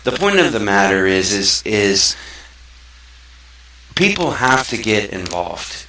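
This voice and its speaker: A lower-pitched man with a bright, forward edge, talking earnestly and loosely like a show host. He sits some way back from the mic in a very echoey room. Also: sing-song, takes it slowly, distant mic. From South Mississippi, USA. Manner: earnest, rambling, conversational. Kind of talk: casual talk-show monologue.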